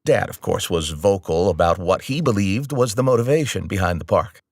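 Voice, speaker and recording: A man narrating a novel in the first person at a steady, measured pace. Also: low-pitched, dry recording, studio quality. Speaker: audiobook narrator.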